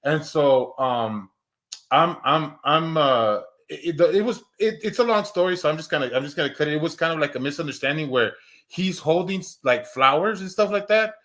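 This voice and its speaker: A podcast co-host in his thirties tells a long personal story in casual conversation, restarting and repeating words and swearing now and then. His voice is a little high, expressive, and a bit bright at a moderate pace, and he acts out quoted lines in a raised voice.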